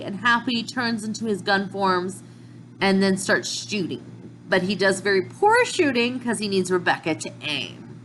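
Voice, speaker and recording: A woman casually recapping manga chapters in a chatty, excitable way, with slips and restarts. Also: medium pitch, a little slow, a little hiss or hum, poor audio. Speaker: manga reviewer.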